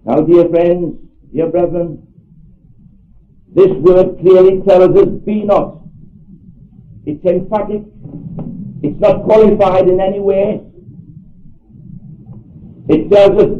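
Older male preacher, earnest, emphatic, high voice, tinny hall recording. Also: fairly even intonation, slow, long pauses. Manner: earnest, emphatic, repeats phrases for stress. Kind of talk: sermon. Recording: echoey hall over a tinny phone-like line.

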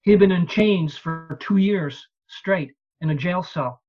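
Soft music plays behind this preacher's unhurried, mid-range voice at an evening church service. He reads scripture aloud, explains it in a conversational expository sermon, and asks rhetorical questions, all captured in slightly dull lo-fi sound.

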